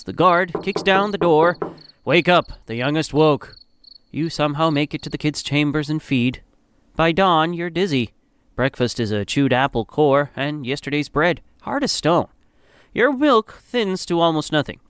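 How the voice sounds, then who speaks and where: A man narrates a grim story in the second person, grave and somber. His voice is smooth and clear, pitched a little high, and the recording is dry and close. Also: expressive, normal speed, a bit bright, dry recording.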